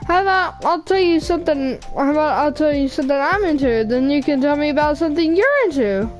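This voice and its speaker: A woman's voice: high-pitched, animated, fairly quick, faint music behind, rough recording. A woman reading a visual novel aloud, voicing a cheerful, friendly teenage girl with an upbeat, encouraging manner.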